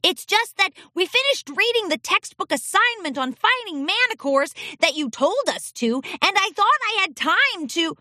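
A woman's voice: extremely high pitch, sing-song, moderate pace, hardly any pauses, pushed and bright, dry recording, studio quality, voice pushed up, heavily acted. A woman voicing a nervous, stammering little boy unicorn colt in a storybook reading. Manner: stammering, timid.

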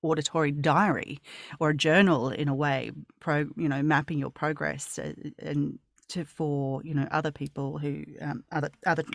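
Low-voiced chatty woman interviewer. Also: fairly even intonation, normal speed, gravelly, dry recording, clean studio sound. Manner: warm, effusive, rambling with many fillers. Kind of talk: casual conversational interview.

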